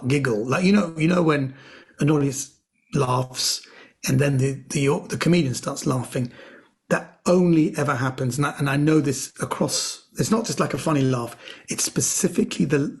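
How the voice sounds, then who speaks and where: A middle-aged man, a comedian guest, chatting casually and telling jokes with animated delivery and quick character voices. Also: mid-range voice. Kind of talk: casual storytelling chat.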